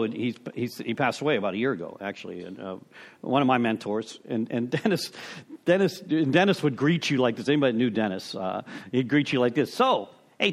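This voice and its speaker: A middle-aged man sharing his personal story with a recovery group, rambling and interrupting himself, chuckling at his own tale. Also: mid-range voice. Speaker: speaker sharing at a recovery meeting.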